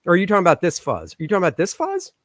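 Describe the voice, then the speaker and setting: A man's voice: high-pitched, wildly swooping pitch, rapid-fire, a bit bright, no room sound, clean studio sound. A man hosting a live stream as a comic artist, chatting casually and muttering jokes while he fiddles with his microphone settings. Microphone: microphone on a stand.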